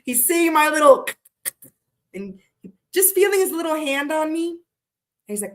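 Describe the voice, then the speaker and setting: A middle-aged woman doing a casual live-stream tarot reading, talking in a chatty, blunt and animated way. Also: high voice, unhurried, pauses often. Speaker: tarot reader.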